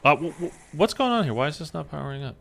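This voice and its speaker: A man's voice: fairly high pitch, expressive, fast, gravelly, fairly bright tone, a little hiss or hum. A man giving casual, rambling commentary while playing a video game, full of fillers. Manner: rambling, filler-heavy, chatty. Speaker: gaming YouTuber.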